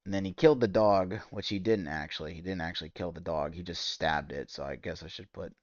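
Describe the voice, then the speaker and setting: Deep-voiced man ranting profanely. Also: brisk, no room sound, dull audio. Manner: profane, exasperated ranting that spikes loud and high. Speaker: gaming streamer. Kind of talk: ranting commentary while gaming.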